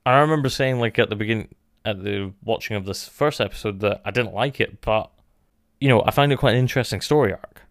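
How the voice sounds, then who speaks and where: A man talks through a show review in a loose, musing way, stacking "like" between his thoughts. His voice is smooth and clear. The sound is dry and close, with no room echo. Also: on the low side, fast talker. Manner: thoughtful, musing, many "like" fillers. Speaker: podcast co-host. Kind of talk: casual review chat.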